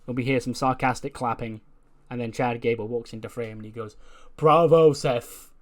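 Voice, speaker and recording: A man narrating a game playthrough in a loose, chatty way, full of fillers and asides. His voice sits at a middle pitch. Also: level tone, brisk. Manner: chatty, filler-heavy, laughs at own jokes. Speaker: let's play narrator.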